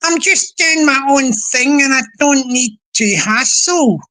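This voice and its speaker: Woman voicing an unbothered, opinionated lady, breezy delivery, slightly high pitch. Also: takes it slowly, bright, forceful tone, heavily acted.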